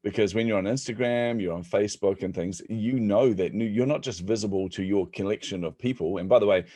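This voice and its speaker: A middle-aged man tells stories in a low, warm voice, joking and laughing as he goes. The sound is dry and close, with no room around it. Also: brisk, dry recording. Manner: animated, jokey, laughs at own stories. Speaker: guest speaker. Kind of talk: storytelling in conversation.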